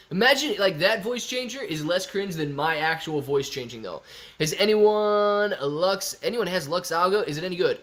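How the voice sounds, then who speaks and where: A man's voice: a little high, a bit bright. A man from Ohio hosting a stock livestream in a casual, chatty way, reading viewer comments aloud and answering them.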